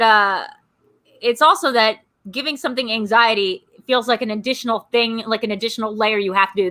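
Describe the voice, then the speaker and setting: A woman hosting a live stream, chatting casually and ranting in quick asides. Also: mid-range voice, bright, forceful tone. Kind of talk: casual chat.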